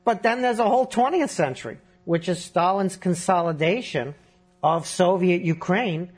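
A man's voice: sits high, normal speed, breathy edge. A man answering as a historian guest, explaining fluently and at length in a lecturing way. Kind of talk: long-form interview.

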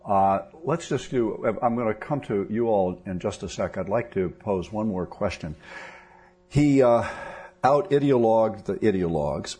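A man's voice: on the low side, lively intonation, unhurried, mellow. A man interviewing an author, asking long questions with many fillers and restarts.

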